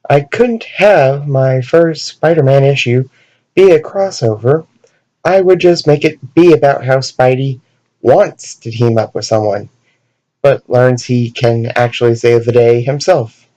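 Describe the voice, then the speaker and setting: A man's voice: medium pitch, unhurried, dark tone, low-quality recording. A man hosting a comedic commentary vlog, jokey and self-mocking, fond of puns. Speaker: video host.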